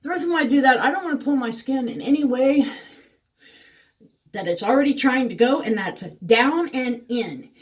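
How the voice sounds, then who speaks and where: A woman's voice: sits high, expressive, normal speed, distant mic. A middle-aged woman, chatting casually through a skincare routine with lots of fillers. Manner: chatty, rambling, frequent fillers. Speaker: beauty vlogger. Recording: voice a bit away from the mic.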